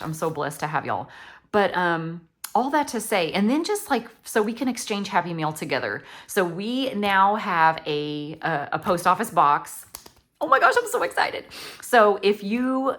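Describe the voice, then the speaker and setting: A woman's voice: medium pitch, fairly bright tone. A woman, chatting casually as a craft vlogger, gushing and rambling with lots of likes and ums. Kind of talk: casual chatty flip-through.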